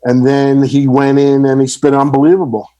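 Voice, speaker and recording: A man's voice: mid-range voice, moderate pace. A middle-aged man, a podcast guest, telling stories in casual chat and animatedly acting out the people he quotes. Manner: animated, acts out quoted voices. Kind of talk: casual storytelling.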